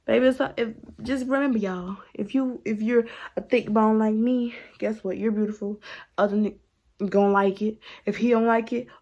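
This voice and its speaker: A woman in her twenties telling a story to camera in a sassy, animated way, often sighing and laughing and sometimes dropping into a hushed aside. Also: fairly high pitch, normal speed, dull audio. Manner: drops to a hushed aside at times.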